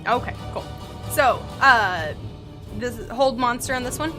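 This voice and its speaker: A woman acting as game master for a tabletop game describes the action vividly, pausing for quick rules checks. Her voice is on the high side, and music plays underneath.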